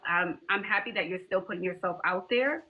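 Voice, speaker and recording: A woman hosting a dating show, gently encouraging a caller not to give up on love. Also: lowish voice, a little fast, phone-quality sound. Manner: encouraging, reassuring. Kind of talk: advice to a caller.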